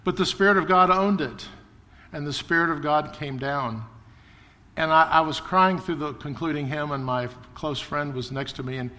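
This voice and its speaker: A man's voice: a little high, normal speed, pushed and bright, big-room sound. A man preaching a sermon as pastor, earnest and building emphasis through repetition. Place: church sanctuary.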